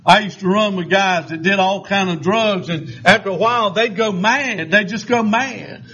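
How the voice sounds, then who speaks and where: A man's voice: high-pitched, moderate pace, pushed and bright. An older man preaching a sermon, telling stories in a folksy way with many fillers and restarts. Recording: dull lo-fi sound.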